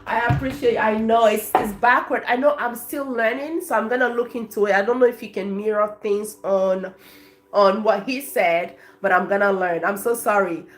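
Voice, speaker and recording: A woman's voice: mid-range voice, fairly even intonation, moderate pace. A woman from Africa, a life coach, chatting effusively on a live stream and thanking her viewers by name.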